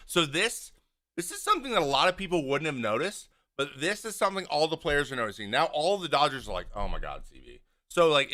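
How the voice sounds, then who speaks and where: A man hosting a casual talk show, breaking down a game clip, blunt and exasperated, acting out what players say. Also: mid-range voice. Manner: animated, acts out what players say. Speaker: host, former pitcher. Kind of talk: casual video breakdown commentary.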